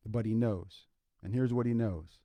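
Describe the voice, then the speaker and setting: An older man talking on a podcast with a low, warm, mellow voice. He speaks earnestly and informally, with plenty of ums and repeated lines. The sound is dry and close. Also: normal speed, no echo. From Iowa, United States. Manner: informal, earnest, repeats key points, many fillers. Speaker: podcast co-host, clinical psychologist. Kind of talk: impromptu solo livestream talk.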